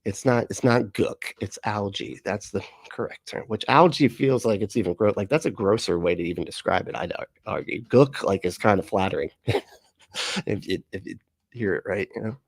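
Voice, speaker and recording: A man's voice: on the low side, normal speed, no echo, studio quality. A man hosting a casual livestream, talking loosely and mockingly, often laughing and swearing as he reacts to clips. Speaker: livestream host.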